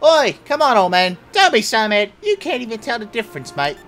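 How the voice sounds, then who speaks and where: A man's voice: high voice, very animated, fairly quick, a bit bright, faint music behind, heavily acted. A man voicing a cheeky young girl sailor who teases in slangy talk. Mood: teasing. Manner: teasing, slangy.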